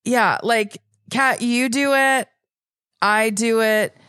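A woman's voice: a little high, steady tone, slow pace, fairly bright tone, clean tone, dry recording, clean studio sound. A woman co-hosting a podcast in casual chat, blunt, playful and teasing. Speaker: podcast co-host.

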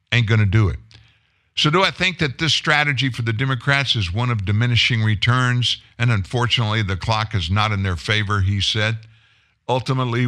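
A man's voice: lowish voice, bright, forceful tone. A male news host reading political stories and then editorializing in a sarcastic, indignant way. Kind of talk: news reading and opinion commentary.

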